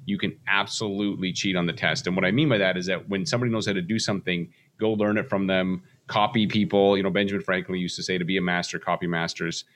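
A middle-aged man with a low voice talks briskly through a podcast monologue for mortgage professionals. He tells casual stories and acts out the voices of people in them. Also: a bit bright. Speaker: mortgage business coach.

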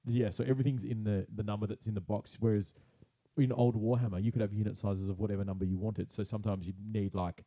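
Man, podcast co-host, lowish voice, dry close sound, casual explaining. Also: level tone, fast, warm tone, dry recording. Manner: explanatory, enthusiastic about the hobby. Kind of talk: casual hobby chat.

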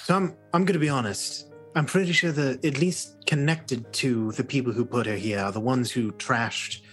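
A man playing a tabletop game, chatting in an animated, enthusiastic way. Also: mid-range voice, moderate pace, soft background music. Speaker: player. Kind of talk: casual tabletop game chat.

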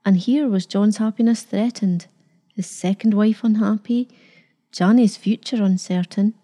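A woman reading a novel aloud in a measured, dramatic storytelling manner. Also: mid-range voice, mellow. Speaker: narrator. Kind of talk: scripted narration.

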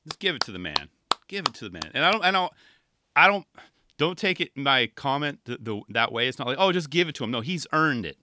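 A man from California commenting on a skate video in a casual, animated, chatty way, laughing often. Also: medium pitch, a little fast. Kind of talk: casual chat.

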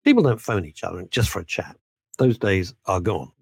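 A man talks as a guest on a podcast, his pitch swooping animatedly and his voice gravelly and a little husky. He is emphatic and keeps throwing in asides. The sound is dry and close. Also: animated, moderate pace, no echo. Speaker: guest broadcaster. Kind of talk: conversational podcast interview.

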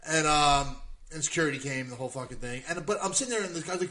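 A man tears through a crude sports-fan story at a rapid clip. His voice sits a bit high, and he keeps acting out what everyone said. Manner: profane, animated storytelling with quoted voices. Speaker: podcast host. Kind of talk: casual chat.

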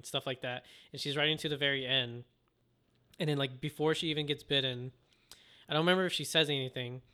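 A man's voice: medium pitch, sharp tone, smooth. A man co-hosting a podcast, casually retelling an anime episode in a rambling way and acting out the characters' lines. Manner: rambling storyteller, acts out quoted voices. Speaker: podcast co-host. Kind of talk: casual anime recap chat.

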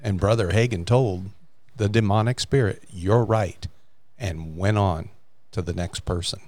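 A man's voice: low voice, normal speed, darkish tone, dry recording, faint music behind. A man co-hosting a faith podcast, earnestly retelling a story from a book in casual chat. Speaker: podcast co-host.

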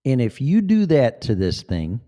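Man in his fifties, casual rambling monologue, emphatic, profane, warm tone. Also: medium pitch, wildly swooping pitch, unhurried. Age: 50s. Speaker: vlogger.

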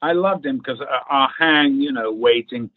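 A man, an actor, telling a casual anecdote in an animated way, acting out quotes, laughing and swearing freely. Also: medium pitch, normal speed, no echo. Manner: animated storyteller who acts out quotes and laughs. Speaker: actor recounting a film casting. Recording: tinny phone-like line.

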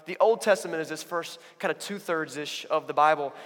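A man giving a sermon as a pastor, talking in a conversational, animated storytelling way. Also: fairly high pitch, a little fast, long reverb tail. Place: church.

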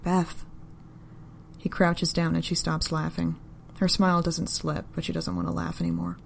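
A woman narrating a story in an even, unhurried, deadpan reading style. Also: sits low, vocal fry, slight background noise.

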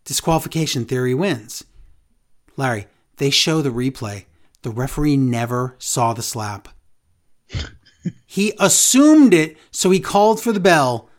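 A man's voice: mid-range voice, sing-song, measured pace. A man co-hosting a podcast, recapping a show in casual chat, with sarcastic, exasperated asides. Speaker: podcast co-host.

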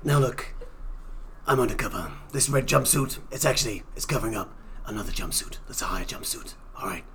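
A man's voice: lowish voice, animated, a little fast, fairly bright tone, a little hiss or hum. A man playing a tabletop role-playing game, joking and playful as he talks. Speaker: player. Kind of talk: tabletop role-play banter.

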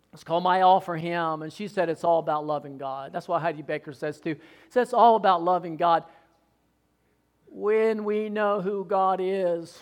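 A male preacher delivering a sermon with fervor, swinging between loud exhortation and quiet asides. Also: sits high.

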